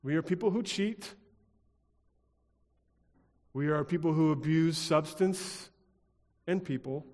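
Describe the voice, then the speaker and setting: Male pastor, sermon, rhythmic and repetitive, fairly high voice, long hall reverb. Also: takes it slowly, long pauses. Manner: rhythmic, repetitive preaching with dramatic drops to a hush.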